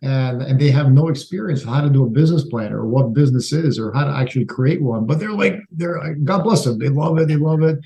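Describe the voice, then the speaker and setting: Middle-aged male podcast guest from Canada, a storyteller who acts out his dialogue, mellow and relaxed tone. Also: mid-range voice, quick pace, few pauses, rough recording. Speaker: entrepreneur guest.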